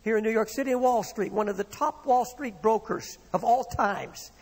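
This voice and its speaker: A man's voice: high-pitched, normal speed, slightly rough, long reverb tail. A man preaching a sermon in an impassioned, dramatic way, acting out the words of the people in his stories. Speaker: pastor.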